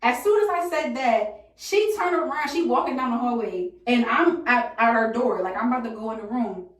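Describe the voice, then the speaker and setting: A young woman spins a wild dorm story in a slangy, animated way, her voice sitting high. She sounds a bit away from the mic, and the room gives it a roomy echo. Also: moderate pace. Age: young adult. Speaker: storytime vlogger. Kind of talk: casual storytime chat. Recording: echoey room from a distance.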